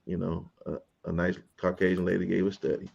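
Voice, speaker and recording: Male host, low gravelly voice, relaxed and chuckling, dull lo-fi audio. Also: fairly quick. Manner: laid-back, chuckling, steering the discussion. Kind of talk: casual panel talk show.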